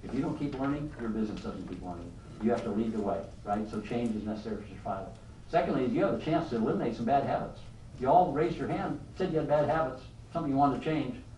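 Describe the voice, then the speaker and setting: Fast-talking older man giving a motivational talk. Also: medium pitch, reverberant, far from the mic, a little hiss or hum, poor audio. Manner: animated storyteller, asks the room rhetorical questions. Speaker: leadership speaker. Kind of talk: motivational speech to a live audience.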